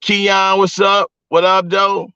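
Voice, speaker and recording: A man's voice: high-pitched, flat delivery, slow pace, sharp tone, clear, resonant tone, dry recording. A man vlogging from a vehicle on his phone, telling stories to his live chat in a loose, profane, talk-straight-to-you way. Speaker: vlogger and live-stream host. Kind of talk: casual storytelling to a live chat. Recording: dull lo-fi phone audio, dry.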